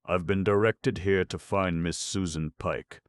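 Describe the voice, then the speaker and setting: A gentle, frail officer pleads in a hoarse, hesitating voice, weak from a lingering cough, as a man reading a storybook puts him on. His words come slowly and wearily. The recording is dry. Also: low voice, fairly even intonation, dry recording. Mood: weary pleading.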